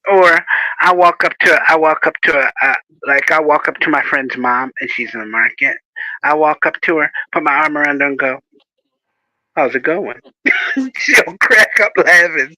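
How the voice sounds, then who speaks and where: Guy hosting a casual chat, animated storyteller, laughs a lot, very bright voice. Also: a little high, moderate pace, poor audio.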